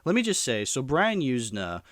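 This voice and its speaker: A man's voice: medium pitch, wildly swooping pitch, moderate pace, fairly bright tone, no echo, clean studio sound. A man in a casual podcast chat, rambling animatedly through a film's plot with lots of fillers. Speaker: podcast co-host reviewing a film.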